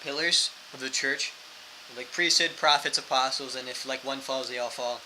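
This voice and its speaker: Bright-voiced young man telling a story. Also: mid-range voice, normal speed, a little hiss or hum, poor audio. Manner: animated, fillers like "like" throughout, acts out quotes. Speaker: missionary. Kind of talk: casual storytelling.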